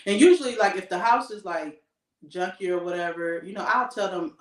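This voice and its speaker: A woman co-hosting a casual podcast, telling a story with emphatic, animated delivery. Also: on the low side, a little fast, distant mic. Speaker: podcast co-host. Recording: echoey room, voice off-mic.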